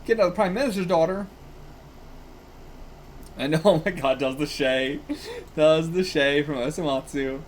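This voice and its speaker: A man's voice: fairly high pitch, moderate pace, long pauses, a little hiss or hum. A man hosting a manga reaction, reading aloud casually and rambling, often swearing and laughing.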